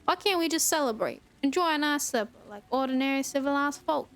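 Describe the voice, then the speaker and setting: A woman's voice: sits high, expressive, fairly quick, fairly bright tone. Woman reading as a smug swaggering husband. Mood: defensive. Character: smug, swaggering 1940s husband and would-be writer.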